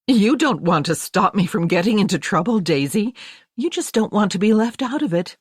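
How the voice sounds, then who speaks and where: Woman doing defiant young american woman, wry and self-assured, expressive, lively pitch, dry close sound. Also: moderate pace, breathy edge, no echo.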